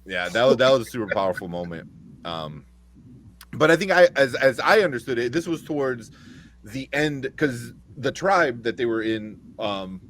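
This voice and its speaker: A man co-hosting a casual movie review podcast, talking excitedly, swearing freely and retelling scenes. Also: medium pitch, moderate pace, a little hiss or hum. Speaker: podcast co-host.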